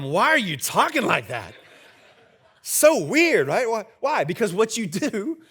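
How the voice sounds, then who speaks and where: Conversational man preaching a sermon. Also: sits high. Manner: conversational, jokes with the congregation. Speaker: senior pastor. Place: church sanctuary with live congregation.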